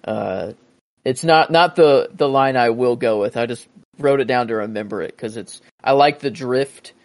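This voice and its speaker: A man's voice: medium pitch, moderate pace, no echo. A man co-hosting a podcast, telling about a film scene in a rambling, hesitant way. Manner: rambling, hesitant, many fillers. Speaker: podcast co-host. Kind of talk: casual movie discussion.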